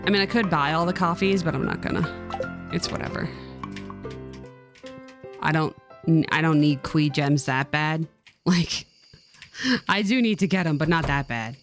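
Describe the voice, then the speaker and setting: A woman streamer giving casual game commentary in an animated, sarcastic way, with plenty of swearing. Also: sits low, a little slow, pauses often, faint music behind.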